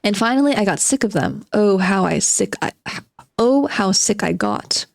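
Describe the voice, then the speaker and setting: A woman's voice: mid-range voice, very animated, moderate pace, creaky, no echo, clean studio sound. A woman reading aloud as a spiteful, bitter forty-year-old male recluse who sardonically lectures his listeners. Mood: sardonic. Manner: sardonic, self-mocking monologue addressed to "gentlemen".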